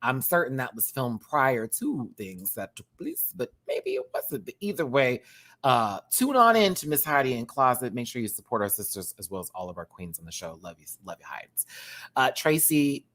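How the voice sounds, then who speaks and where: A man's voice: medium pitch, very animated, moderate pace, a bit bright. A man who performs in drag, giving a sassy, slangy rant reviewing a reality show and thanking his viewers. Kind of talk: casual reaction rant.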